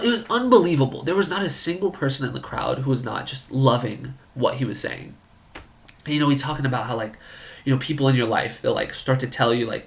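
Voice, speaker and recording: A man's voice: mid-range voice, fairly bright tone. A man telling a comedic story in a rambling, incredulous way, full of filler words.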